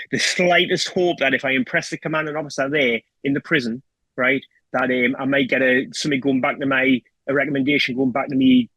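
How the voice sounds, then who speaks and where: A middle-aged man with a Geordie accent talks with a husky, slightly rough voice at a middle pitch. He tells his story in a raw, emotional, sweary way and keeps checking in with "do you know what I mean". The sound is close and dry. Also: a bit bright, dry recording, low-quality recording. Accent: North East England (Geordie). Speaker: guest. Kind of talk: candid personal storytelling.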